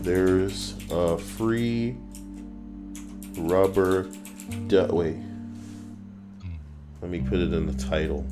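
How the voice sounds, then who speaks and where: A man's voice: low voice, steady tone, drawn-out words, pauses often, music in the background. A man streaming live, reading posts aloud in casual chat, joking, swearing freely and laughing often.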